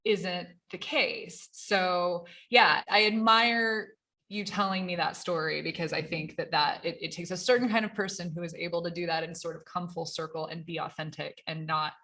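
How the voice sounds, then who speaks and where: A woman's voice: lowish voice, steady tone, moderate pace, pushed and bright. A young woman hosting a podcast, responding to her guest in an affirming, thoughtful way. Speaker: podcast host. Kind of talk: conversational interview.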